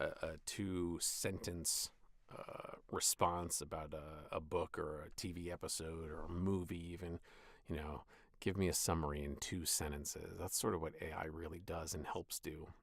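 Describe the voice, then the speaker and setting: A man's voice: sits low, fairly even intonation, normal speed, gravelly, no room sound, clean studio sound. A voice actor with a tired voice, reading short scripted lines and then chatting loosely about his delivery. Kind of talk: voiceover session with casual commentary.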